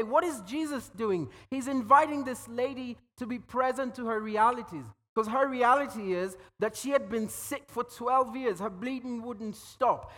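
A man's voice: very high-pitched, pushed and bright. A man preaching a sermon, telling stories and acting out quoted voices, often repeating words as he goes. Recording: long hall reverb.

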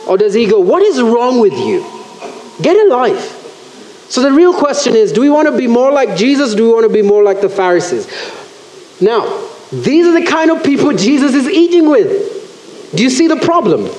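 Animated man preaching. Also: very high voice, brisk. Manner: animated, acts out quoted voices, self-correcting. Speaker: pastor. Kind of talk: sermon. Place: church. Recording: roomy church echo.

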